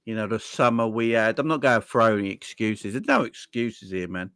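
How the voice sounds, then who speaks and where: A young man hosting a fan live stream, swearing and exasperated, with his voice swinging between loud and quiet. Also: on the low side, animated, fairly quick, smooth, no echo, clean studio sound. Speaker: football fan channel host. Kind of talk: casual live-stream rant.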